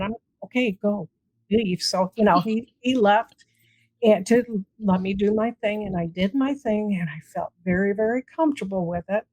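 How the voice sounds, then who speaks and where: Here a paranormal investigator appears as an interview guest, her mid-range voice moving at a moderate pace on a rough recording with no echo. She recounts stories in a relaxed way, animated throughout, performing each line of quoted dialogue.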